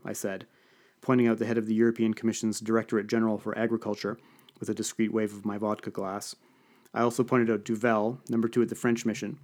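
A man's voice: lowish voice, a little mellow. A man narrating an audiobook in the first person, dry and wry.

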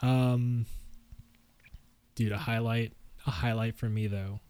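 A man in casual conversation as co-host, relaxed and quick to laugh while he tells a story. His voice sits at an ordinary middle pitch. It is recorded close and dry, with no room sound. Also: clear, resonant tone, no echo. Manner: easygoing storyteller, laughs often. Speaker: podcast co-host. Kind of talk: casual chat.

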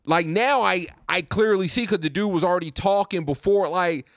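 A man's voice: high voice, normal speed, no echo, studio quality. A young man hosting his own podcast, ranting casually and profanely, often repeating himself. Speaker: podcast host. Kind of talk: casual rant.

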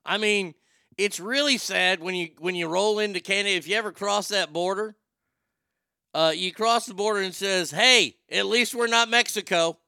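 A man's voice: high-pitched, normal speed, vocal fry, bright, forceful tone, smooth, no echo, clean studio sound. A man hosting a comedic news commentary show, rambling sarcastically and swearing freely. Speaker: show host.

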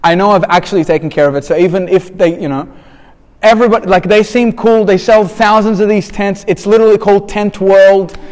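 Man, candid and rambling storyteller, a bit high-voiced, recorded in a reverberant hall. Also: fairly even intonation, a little fast, a little mellow. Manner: candid, rambling, with many restarts and "blah, blah". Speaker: speaker telling a personal story. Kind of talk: personal storytelling talk.

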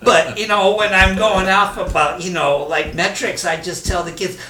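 Older male poet, a touch high-voiced, animated and profane, recorded distant in a reverberant room. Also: moderate pace, hardly any pauses. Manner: animated, profane, laughs often. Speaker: poet and teacher. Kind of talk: casual conversation. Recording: echoey room, off-mic, faint noise.

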